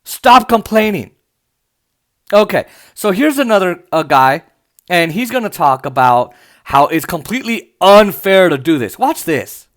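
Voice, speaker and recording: A man's voice: high-pitched, very animated, measured pace, fairly bright tone. A man hosting a political podcast, reacting to news clips in an angry, profane, mocking rant that breaks into laughter. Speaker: podcast host.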